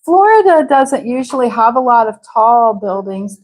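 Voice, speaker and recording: A woman teaching a live English class, speaking slowly and patiently and repeating words so students can follow. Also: on the high side, sing-song, darkish tone, rough recording. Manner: slow, patient, drawn-out repetition of words.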